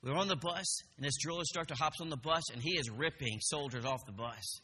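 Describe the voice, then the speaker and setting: A man's voice: a little high, animated, fast, few pauses, pushed and bright, breathy edge, in a large hall. A middle-aged man telling a self-deprecating personal story as a church testimony sermon. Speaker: church speaker and military veteran. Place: church hall.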